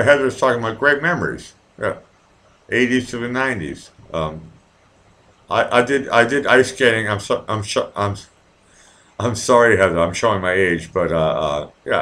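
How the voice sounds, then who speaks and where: A man in his 40s hosts a live stream, reading comments aloud and ranting with profanity to his viewers. He's from Massachusetts near Boston, with a lowish voice, lively intonation and a moderate pace. His rambling swings between quiet mumbling and loud outbursts.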